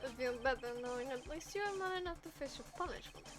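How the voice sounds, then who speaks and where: A woman's voice: high voice, lively intonation, quick pace, music in the background, pitched above the performer's own voice. A woman voicing a haughty young female prosecutor with a put-on German accent, cold and scornful, while reading a video game script aloud.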